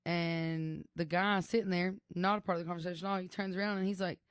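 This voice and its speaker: Young woman co-host, lower voice, chatty storyteller, dry close mic. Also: steady tone, quick pace, hardly any pauses, smooth, no echo. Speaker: podcast co-host. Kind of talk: casual chat.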